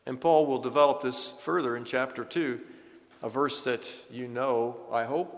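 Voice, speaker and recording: A man preaching a sermon in an earnest, emphatic way, slowing down to stress key words. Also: medium pitch, in a large hall. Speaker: pastor.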